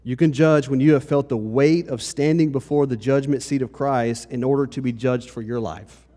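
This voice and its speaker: A man's voice: mid-range voice, fairly even intonation, normal speed, mellow. A pastor giving a conversational sermon to his congregation, often checking in with "okay?". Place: church hall. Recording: long reverb of a hall.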